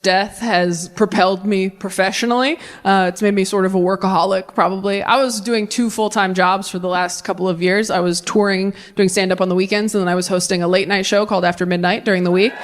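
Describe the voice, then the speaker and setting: A woman's voice: medium pitch, a little fast, hardly any pauses. A woman in her thirties performing a stand-up routine on stage, acting out the voices she quotes. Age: 30s. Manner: animated, acts out quoted voices. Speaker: stand-up comedian. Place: stage before a laughing audience. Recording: live show with faint audience noise.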